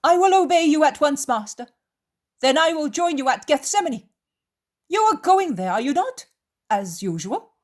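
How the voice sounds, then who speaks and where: 女声扮演的 殷勤讨好的男门徒犹大. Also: female voice, high-pitched, very animated, normal speed, pitched above the performer's own voice. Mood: eager. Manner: eager and ingratiating, then scoffing. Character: Judas, eager, smooth-mannered adult male disciple.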